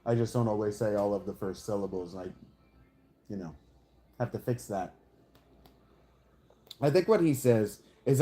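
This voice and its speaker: A man's voice: lowish voice, normal speed, pauses often, warm tone. A man casually reacting to a song, musing aloud as he picks apart its lyrics, with the odd swear.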